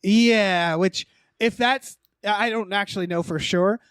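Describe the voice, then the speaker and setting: A man's voice: high-pitched, slow pace, a bit bright, clean tone, dry recording, studio quality. A man co-hosting a podcast, musing hesitantly about movies with frequent stammers. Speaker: podcast co-host. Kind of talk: casual movie chat.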